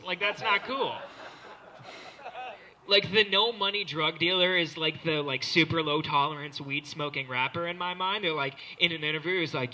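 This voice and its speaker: A man's voice: on the high side, normal speed, bright, forceful tone, a little hiss or hum. A young man doing a rambling, self-mocking stand-up comedy set before a live crowd. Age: young adult. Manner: rambling, self-mocking, jumps into silly character voices.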